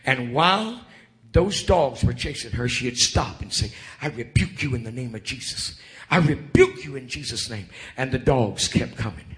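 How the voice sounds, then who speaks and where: A man preaching a revival sermon in church, building up to shouted calls to the congregation. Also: mid-range voice, expressive, moderate pace.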